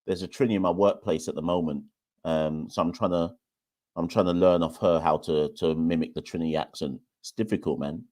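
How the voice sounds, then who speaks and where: A man's voice: low voice, steady tone, brisk, a little mellow. A young man hosting a live cricket watchalong, chatting casually to viewers in a loose, self-deprecating way. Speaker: podcast host.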